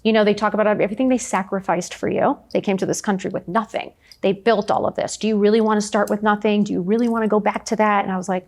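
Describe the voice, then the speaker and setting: A middle-aged woman talking frankly as a podcast guest, telling her story with lively acted-out quotes. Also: mid-range voice, fast, few pauses. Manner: frank, animated storytelling, often acts out quotes. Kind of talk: candid interview conversation.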